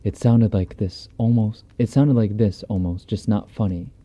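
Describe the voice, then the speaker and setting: A man's voice: on the low side, fairly even intonation, normal speed, dark tone. A man reading a horror story aloud on a stream in a laid-back, profane, conversational way, close on a binaural mic. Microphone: binaural dummy-head mic.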